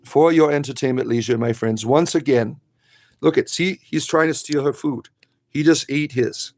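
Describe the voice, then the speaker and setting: A man's voice: mid-range voice, moderate pace, darkish tone. A man hosting a casual livestream, rambling bluntly and jokingly, then cooing at his pet rabbits. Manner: rambling, blunt and jokey, coos at his pets. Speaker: spiritual comedy streamer.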